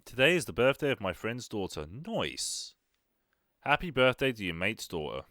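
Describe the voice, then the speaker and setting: Over game music and car engines, a young man plays a racing game and trades wry, chatty remarks with his live chat as a gaming YouTuber. His fairly low voice is very animated and sharp-toned at a moderate pace, and the recording is dry.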